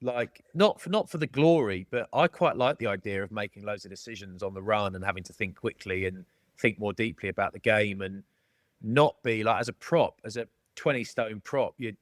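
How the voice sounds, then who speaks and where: A man's voice: lowish voice, moderate pace, dry recording, studio quality. A middle-aged Englishman with a jokey, matey manner, chatting casually as a podcast guest. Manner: jokey, matey, calls people mate. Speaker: podcast guest, former rugby player. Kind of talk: casual storytelling chat.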